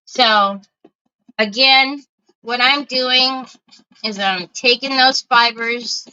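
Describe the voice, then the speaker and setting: A woman's voice: a little high, extremely slow, pauses often, pushed and bright, clear, resonant tone, dull audio. A woman hosting a casual craft livestream, chatting with viewers as she works and thinking aloud.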